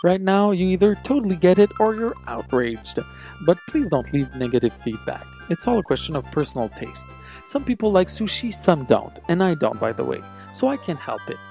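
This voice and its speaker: A man narrates a scripted countdown with a lively, swooping pitch and a mellow, warm tone. He sounds enthusiastic and nostalgic. Faint music plays under his voice. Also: vocal fry. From Quebec, Canada. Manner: enthusiastic and nostalgic, talks fondly of childhood games. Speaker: video game reviewer.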